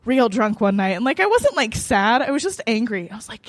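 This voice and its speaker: A woman's voice: fairly high pitch, a little fast, dry recording, clean studio sound. A young American woman hosting a live open mic at a cafe, telling a personal story with lots of laughter and swearing. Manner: laughing often, profane, animated.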